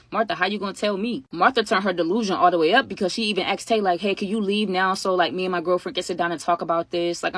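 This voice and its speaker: Fast-talking woman telling a story. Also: on the low side, no echo. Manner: animated, quotes others in her own voice. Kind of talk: casual storytime.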